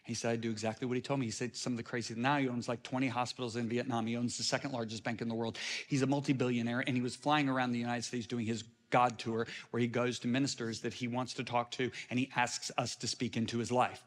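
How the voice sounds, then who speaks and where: A man's voice: medium pitch, quick pace. Preacher man in an echoing hall. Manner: animated, swings from hushed to shouting. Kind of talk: storytelling sermon. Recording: long reverb of a large hall.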